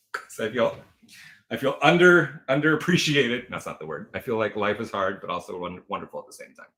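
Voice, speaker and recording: A man's voice: lowish voice, normal speed, pauses often, bright, forceful tone. A man in his forties hosting a casual livestream from home, chatty and gushing, laughing often and answering viewer comments. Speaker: livestream host.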